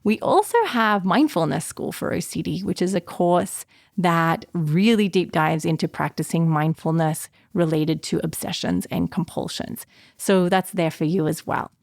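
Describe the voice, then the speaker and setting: A woman hosting her own podcast as an anxiety therapist, talking fast and passionately in a casual, encouraging way. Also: fairly low pitch, creaky, no room sound, clean studio sound. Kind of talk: casual solo podcast talk.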